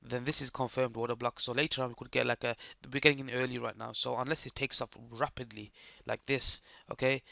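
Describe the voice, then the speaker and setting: A man with a hoarse, croaky voice giving live trading commentary, explaining chart steps and checking that the viewers follow. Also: medium pitch, pushed and bright, no room sound, clean studio sound. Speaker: trading streamer.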